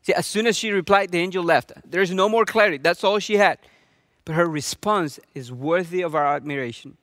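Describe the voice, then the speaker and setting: Male pastor, high voice, dry close recording, earnest sermon delivery. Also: a little fast, fairly bright tone, no echo. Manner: earnest, with many rhetorical questions.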